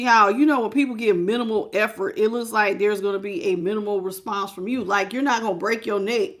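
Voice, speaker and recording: A woman's voice: on the high side, fairly bright tone. A woman giving a casual live-stream tarot reading, chatty and frank, greeting viewers by name. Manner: frank and familiar, calls viewers y'all, child and baby.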